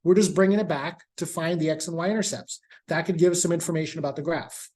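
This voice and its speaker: A man's voice: on the high side, quick pace, darkish tone. A man teaching a calculus class in a casual, conversational way, repeating his key points. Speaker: math professor. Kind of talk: classroom lecture.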